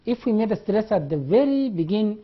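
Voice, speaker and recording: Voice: mid-range voice, animated, fairly quick, husky. Lecturer spelling words aloud. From Sudan. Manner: repeats key terms and spells words out letter by letter; demonstrates sounds aloud. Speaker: university lecturer. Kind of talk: classroom lecture. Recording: dull lo-fi classroom recording.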